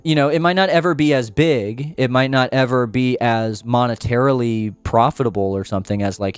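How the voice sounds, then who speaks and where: A podcast host delivers a casual, rambling monologue on his own show, often restarting his sentences. He comes across as earnest and unpolished, with an ordinary middle pitch, and the sound is close and dry, without any room echo.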